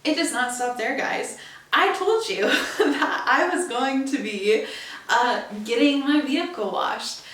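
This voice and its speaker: A woman's voice: sits high, a little slow. Chatty young woman in an echoey room. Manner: animated, emphatic asides. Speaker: podcast host. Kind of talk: chatty storytelling. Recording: echoey room, distant from mic.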